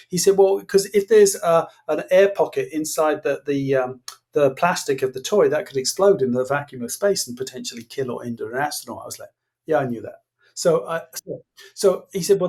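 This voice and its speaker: Man, podcast guest, husky and fairly high-pitched, spins animated anecdotes and acts out the quoted dialogue. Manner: acts out quoted dialogue, laughs while telling. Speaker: guest, former innovation executive.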